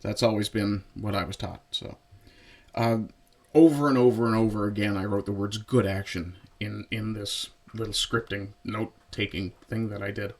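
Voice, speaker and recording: Guy with a lowish voice doing a laid-back movie review, chatty, lots of ums and side comments. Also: normal speed. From Newfoundland, Canada. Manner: relaxed and conversational, with frequent fillers and asides. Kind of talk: casual spoken film review.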